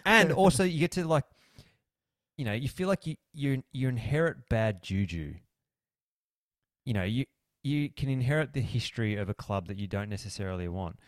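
A man's voice: mid-range voice, lively intonation, normal speed, dry recording, studio quality. An Australian man co-hosting a podcast in casual chat, rambling and jokey, laughing often. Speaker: podcast co-host.

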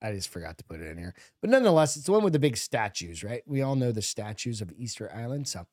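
A man's voice: mid-range voice, sing-song, fast talker, a little mellow, no room sound. Casual bantering podcast man, dry sound. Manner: loose, profane banter, reads news items aloud. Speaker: podcast co-host. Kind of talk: casual chat.

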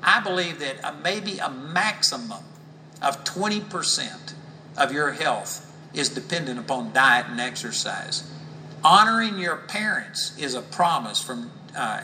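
A man teaching a sermon, reading scripture slowly and solemnly between plain explanations. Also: medium pitch, pushed and bright, recorded from a distance, a little hiss or hum, poor audio. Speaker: Bible teacher.

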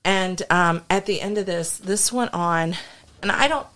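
A woman's voice: on the low side, a little slow, fairly bright tone. A woman co-hosting a podcast, earnestly telling a ministry story in a casual, story-driven way. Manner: earnest, story-driven, with frequent restarts and fillers. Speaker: podcast co-host and deliverance minister.

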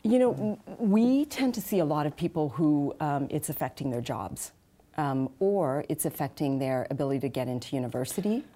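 A woman with a low, mellow voice explains how speech is taught, steady and practical. She talks in a measured way, pausing on fillers as she works through each point. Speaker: accent and speech specialist. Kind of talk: interview answers, explanatory.

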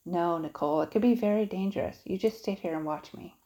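A woman's voice: fairly low pitch, fairly quick, mellow, natural voice. A woman voicing a timid, curious young boy in an audiobook, speaking in an earnest, cautious way. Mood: bossy cautious. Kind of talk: audiobook character voice.

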